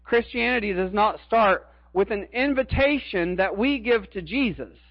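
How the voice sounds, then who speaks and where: A man's voice: high-pitched, normal speed, no echo, dull audio. A middle-aged man preaching a sermon as a pastor, earnest and emphatic, repeating his key phrases.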